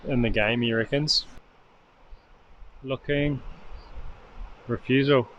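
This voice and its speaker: A man's voice: medium pitch, steady tone, slow pace, lo-fi sound, slight background noise. A man with a New Zealand accent giving running commentary while fishing outdoors. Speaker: host of a fishing show. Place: outdoors by a river, windy.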